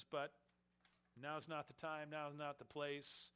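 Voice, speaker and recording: Male preacher, slightly high, bright and forceful; emphatic expository sermon. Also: level tone, takes it slowly, clear, resonant tone. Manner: emphatic, swelling and dropping in volume.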